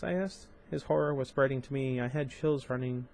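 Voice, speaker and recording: This young channel host reads a novel aloud in a creaky, slightly mellow, medium-pitched voice at a somewhat fast pace. The amateur reading is broken up by casual, chatty commentary with fillers and restarts.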